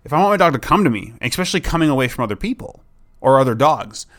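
A man's voice: mid-range voice, fast. Casual rambling man hosting a podcast. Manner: rambling, relaxed, acts out excited dog voices. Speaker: podcast host and dog trainer. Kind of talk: casual solo podcast talk.

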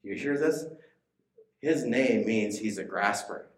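A man's voice: medium pitch, lively intonation, takes it slowly, echoey room. A man preaching a sermon in a conversational way, often asking his listeners questions.

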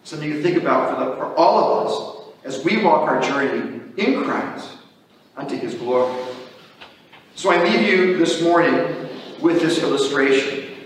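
A priest with a slightly high voice delivers an earnest sermon in a conversational style, often repeating his phrases. He's recorded from a distance in an echoey church hall, with a little hiss or hum on the distant mic.

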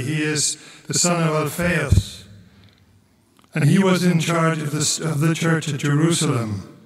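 Priest guy preaching real slow, kinda high voice, far off mic in a big echoey church. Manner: slow, measured preaching with chanted gospel reading. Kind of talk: homily.

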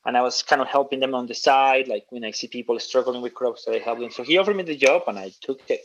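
A relaxed man chatting as an interview guest, rambling through stories in a casual, friendly way and calling people dude and man. His voice sits at an ordinary pitch. The sound is somewhat dull and lo-fi. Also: fast talker. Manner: loose, storytelling, says dude and man a lot. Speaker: guest, coffee roaster.

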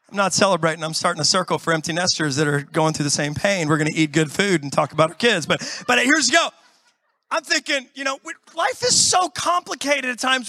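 A middle-aged male pastor preaching to a congregation in a church, animated and exclamatory, acting out everyday scenes as he talks. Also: very high voice, dry recording. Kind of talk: sermon.

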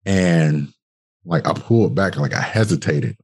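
Brief: young male podcast guest, low husky voice, casual profane storyteller. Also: a little slow. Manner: animated, colloquial, swearing, acts out dialogue.

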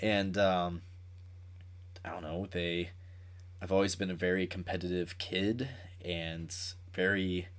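A man's voice: sits low, level tone, takes it slowly, pauses often. A young man chatting as a podcast guest, rambling and self-mocking with lots of fillers. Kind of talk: casual chat.

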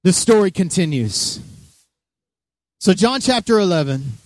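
A pastor preaching a sermon with energy, joking asides and direct questions to the congregation. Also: male voice, high-pitched, very animated, a little slow, no room sound, clean studio sound.

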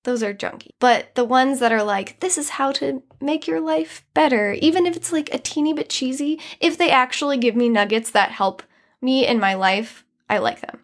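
A young woman hosts her podcast solo, talking in an earnest, chatty way that is full of fillers. Her voice sits a little high for a woman. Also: expressive, moderate pace. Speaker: podcast host. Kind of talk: casual solo monologue.

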